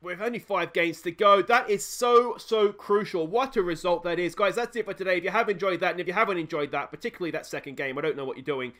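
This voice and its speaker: A young Australian man commentating his own football management game, talking to the players and yelling at the screen when it gets tense. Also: high voice, quick pace, few pauses. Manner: animated, yells at the screen. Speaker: gaming channel host. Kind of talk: excited let's-play commentary.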